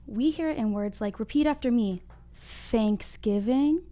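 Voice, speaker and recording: A young woman teaching a livestreamed phonics lesson to small children, encouraging them and sounding out letters slowly and clearly at a whiteboard. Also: on the high side, mellow. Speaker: kindergarten reading teacher. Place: home room at a whiteboard.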